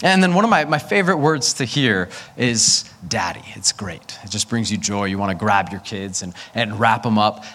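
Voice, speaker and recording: A man's voice: fairly low pitch, lively intonation, fairly quick, hardly any pauses, fairly bright tone. A man in his thirties, a pastor, preaching a sermon through a candid personal story and acting out family dialogue.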